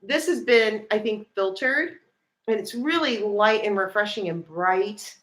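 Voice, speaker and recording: A woman chatting casually on a livestream with her husband, telling stories in a lively, animated way. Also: mid-range voice, measured pace. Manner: chatty, animated storytelling with laughs. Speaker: co-host, wife of the host.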